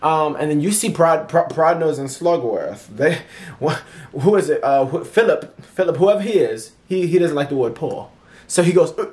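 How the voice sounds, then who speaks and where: A man's voice: on the high side, fairly quick. Chatty man gushing in a movie review. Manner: chatty, animated, many fillers and restarts; acts out characters' lines in playful voices. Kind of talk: casual movie review vlog.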